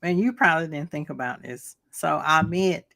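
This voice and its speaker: Low-voiced southern woman from georgia, relaxed podcast chat, lots of mm-hmms. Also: normal speed, gravelly. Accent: Southern American, Georgia. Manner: relaxed, many murmured mm's. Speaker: podcast co-host. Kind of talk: casual chat.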